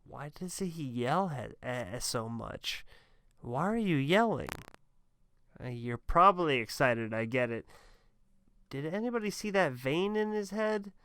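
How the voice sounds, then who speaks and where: A man speaking slowly and deliberately, with a smooth, clean voice, in a dry close-up recording. His commentary is sarcastic and mocking, full of deadpan asides. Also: a little high, dry recording. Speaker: commentator reacting to a clip.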